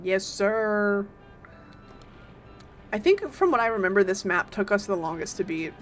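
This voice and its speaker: A woman streaming a game live, chatting casually and playfully with bursts of loud exclamations. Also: medium pitch, lively intonation, a little slow, faint music behind.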